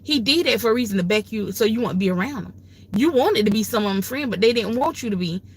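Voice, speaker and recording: A woman's voice: a little high, expressive, fast, slightly rough. An older woman with grandchildren, hosting a livestream and giving emphatic, folksy, preachy advice in a casual way. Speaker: livestream host.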